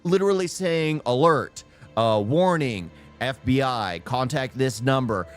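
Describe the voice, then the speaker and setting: A man gives casual, rambling reaction commentary, and his pitch swings widely as he goes. A faint bed of music plays underneath. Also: a little slow. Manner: rambling, animated, laughs often. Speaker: reaction video host.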